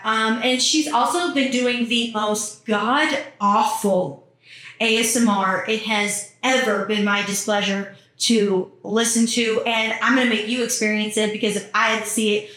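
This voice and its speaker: A woman's voice: medium pitch, fairly even intonation, moderate pace, fairly bright tone. A woman hosting a podcast, talking casually with joking, sarcastic asides from home. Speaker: podcast host. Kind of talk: casual reaction commentary. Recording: echoey room, distant mic, faint music.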